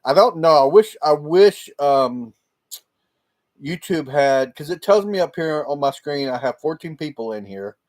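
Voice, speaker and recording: A man's voice: on the high side, expressive, a little slow, darkish tone. Chatty man rambling to viewers. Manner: rambling, chatty, laughs often. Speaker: livestream host. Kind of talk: casual live chat with viewers. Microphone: laptop microphone.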